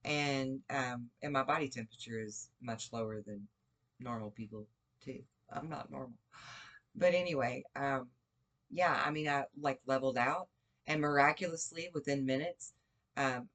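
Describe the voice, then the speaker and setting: A woman's voice: a bass voice, normal speed, a bit bright. A woman recounting a personal experience in a rambling, conversational way, with frequent fillers and restarts. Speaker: podcast speaker. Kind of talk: personal storytelling.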